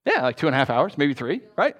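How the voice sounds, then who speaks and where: A man's voice: fairly high pitch, fast talker. A man preaching a sermon as pastor, telling jokey stories and asking the congregation questions. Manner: animated, joking storyteller who asks the congregation questions. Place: church.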